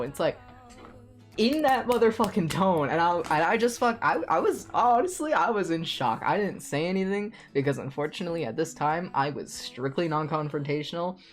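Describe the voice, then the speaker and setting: A young man streaming a game, telling an animated story in a casual rant full of swearing. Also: on the high side.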